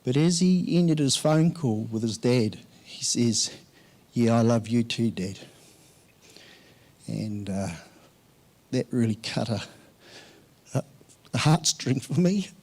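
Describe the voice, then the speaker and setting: Halting man giving a heartfelt eulogy. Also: medium pitch, lively intonation, a little mellow. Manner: halting, with many fillers and restarts. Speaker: eulogy speaker. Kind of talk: memorial speech.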